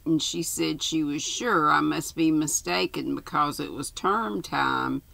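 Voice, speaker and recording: Storybook figure: brisk cheerful matron, read by an older woman, bright gravelly tone, unhurried. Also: low voice, no echo, exaggerated voice. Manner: comfortable, cheerful tone. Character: brisk, cheerful middle-aged woman running a care home. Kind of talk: storybook reading.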